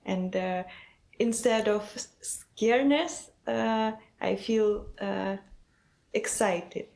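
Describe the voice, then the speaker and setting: A woman taking part in a spiritual gathering, sharing her experience in a halting, hesitant and grateful way. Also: medium pitch, steady tone, creaky, darkish tone. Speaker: participant.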